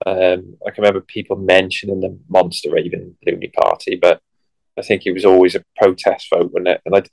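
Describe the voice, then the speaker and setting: A man's voice: low voice, level tone, a little fast, creaky, a little mellow, dry recording, low-quality recording. A man in his thirties co-hosting a podcast, easygoing and chatty, often acting out lines from the show he is discussing. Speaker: podcast co-host. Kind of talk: casual chat.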